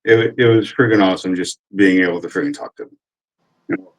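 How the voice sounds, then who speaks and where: A man in his forties, an army veteran, tells a rambling, casual story loaded with cursing and fillers. His voice is low-pitched and brisk, and the audio quality is poor.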